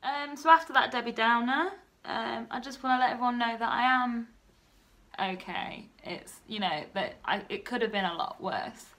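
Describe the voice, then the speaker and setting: A woman in her twenties, talking softly and a bit nervously in a personal vlog. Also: on the high side, moderate pace. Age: 20s. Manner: soft-spoken and nervous, often hushed. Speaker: vlogger.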